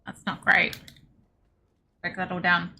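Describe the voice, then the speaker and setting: A young Australian woman chatting casually with her viewers while streaming a game, self-deprecating and quick to laugh. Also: lowish voice, completely flat delivery, vocal fry, sharp tone, slightly rough. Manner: chatty, self-deprecating, laughs often, reads chat aloud. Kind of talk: casual gaming stream chat.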